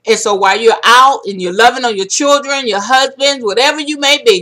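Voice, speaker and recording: A warm, effusive woman speaks as a ministry leader in a heartfelt video message. She says "y'all" often and breaks into preacher-like declarations. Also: medium pitch, expressive, normal speed, hardly any pauses. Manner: uses Southern-style "y'all".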